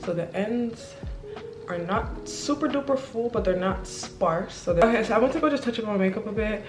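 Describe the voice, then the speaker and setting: A young woman chats to her camera, lively and excitable, calling everyone y'all. Her voice sits at a middle pitch and rings in a roomy, echoey space. Music plays clearly behind her. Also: normal speed. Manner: chatty and excitable, addresses viewers as y'all. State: out of breath. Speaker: beauty vlogger. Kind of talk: casual vlog talk to camera.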